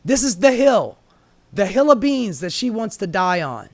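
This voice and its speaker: A man's voice: sits high, sing-song, normal speed, dry recording. Profane sarcastic man ranting. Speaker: commentary host. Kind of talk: ranting news commentary.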